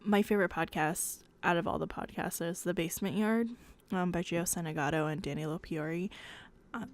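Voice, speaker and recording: A young woman talks at home late at night in a hushed, half-whispered voice, as if trying not to wake someone. She chats casually as a podcast host, rambling, giggling and catching her own slips. Her voice sits at an ordinary middle pitch. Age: young adult. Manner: rambling, giggly, self-correcting.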